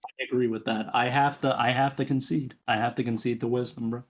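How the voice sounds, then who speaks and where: A young man co-hosting a casual, jokey chat that ranks game characters, his voice jumping up high for playful bits. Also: fairly quick. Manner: animated, jokey, pitch jumps up for bits. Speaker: co-host ranking game characters. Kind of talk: casual banter.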